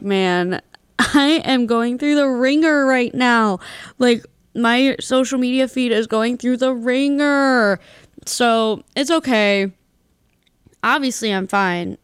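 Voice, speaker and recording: A woman's voice: on the high side, clear, resonant tone, no echo, studio quality. A young woman hosting a radio show, chatting casually and rambling with lots of fillers and laughs. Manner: chatty, rambling, laughs often, many likes. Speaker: radio host. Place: radio studio. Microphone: studio mic.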